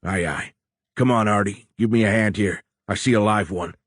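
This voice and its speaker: A male narrator voicing a rough, blunt navy quartermaster in an audiobook. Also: lowish voice, normal speed, a bit bright, dry recording, clean studio sound. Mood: dutiful. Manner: rough, blunt sailor talk. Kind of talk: audiobook character voice.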